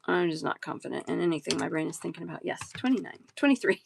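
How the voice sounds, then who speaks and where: Fast and flat, a woman with a low voice and vocal fry hosts a live bead sale against a noisy background. She chats with viewers, reading their messages aloud and rattling off prices and sizes in typical casual live-stream selling.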